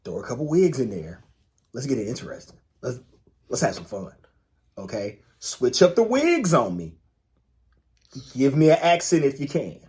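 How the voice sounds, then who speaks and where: A man of middling pitch co-hosting a podcast in loose, casual conversation. He talks laid-back but emphatic, swearing freely and repeating lines to make his point, often sinking into a low, quiet murmur. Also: very animated, moderate pace, pauses often. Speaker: podcast co-host. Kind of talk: casual chat.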